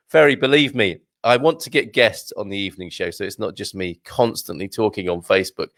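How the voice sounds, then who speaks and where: Hosting a morning live stream from a home studio with a green screen, a man chats casually and jokes while reading viewer comments. His mid-range voice has a sharp tone and wildly swooping pitch, and he speaks at a moderate pace with no echo.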